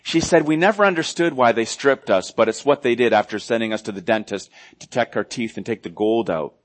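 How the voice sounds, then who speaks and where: A male pastor preaching a sermon earnestly, moving between loud emphasis and hushed, quiet passages. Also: mid-range voice, brisk.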